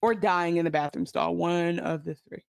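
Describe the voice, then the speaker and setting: Una mujer que co-presenta un pódcast, comentando un episodio en charla informal y animada, con muchas muletillas y palabrotas. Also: female voice, fairly low pitch, moderate pace, gravelly, clean tone, no room sound, clean studio sound. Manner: animated, many fillers, swearing. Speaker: podcast co-host. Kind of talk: casual recap chat.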